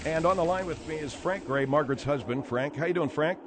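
A male radio talk show host who grows exasperated and bursts into yelling. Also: on the high side, brisk, music in the background.

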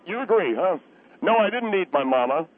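A man's voice: sits high, lively intonation, a little fast. A man calling in to a radio show, defensive and stammering. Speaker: caller. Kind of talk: call-in conversation. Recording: tinny phone line.

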